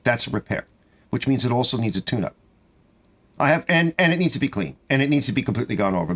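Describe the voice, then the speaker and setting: A middle-aged man who runs a small-engine repair shop, telling rambling, exasperated stories about customers in a casual monologue from his garage. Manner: rambling, exasperated storytelling with animated pitch swings.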